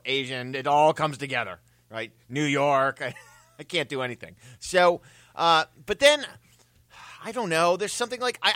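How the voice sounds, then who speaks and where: A man's voice: fairly high pitch, bright, forceful tone, dry recording. A man co-hosting a sports radio show, self-mocking and laughing often as he stammers through his points. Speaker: radio co-host. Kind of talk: casual radio banter.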